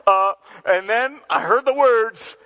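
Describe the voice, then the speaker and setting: A middle-aged man preaching to his congregation in a high, bright voice. He tells stories with animated laughter and puts on the voices of the people in them. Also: slow, poor audio. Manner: animated storytelling with laughter and acted-out quotes. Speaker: pastor. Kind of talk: sermon. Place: church gathering in a community center.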